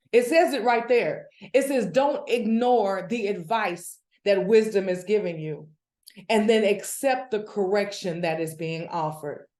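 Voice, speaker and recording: Animated woman preaching, echoey room. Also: fairly high pitch. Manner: animated preaching, builds in excitement. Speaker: devotional speaker. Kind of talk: devotional Bible teaching.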